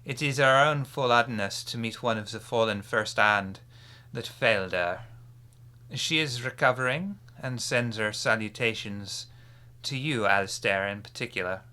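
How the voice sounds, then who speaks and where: A man acting as game master, voicing a courteous, sly hooded vampire with a raspy put-on French accent in a live-streamed tabletop game. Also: medium pitch, a little slow, sharp tone. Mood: courtly. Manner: formal and gracious, ends remarks with a teasing "huh?".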